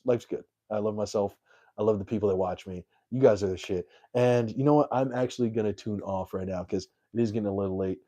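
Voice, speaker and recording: Rambling, self-deprecating young comedian with a low, mellow voice. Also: male voice. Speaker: comedian and live streamer. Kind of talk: casual live stream storytelling.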